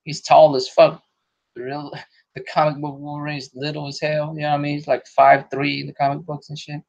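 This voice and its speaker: Brisk and monotone, a man with a fairly high, creaky, slightly mellow voice hosts a laid-back podcast conversation. He swears plenty, uses loose slang and laughs a lot, heard through dull lo-fi audio.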